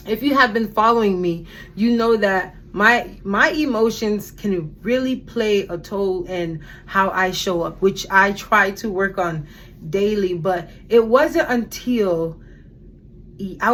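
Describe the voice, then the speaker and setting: A woman's voice: mid-range voice, fairly bright tone. Earnest woman in her thirties talking. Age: 30s. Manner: conversational, repeats words and restarts, earnest. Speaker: self-care coach and podcast host. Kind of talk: casual spoken reflection.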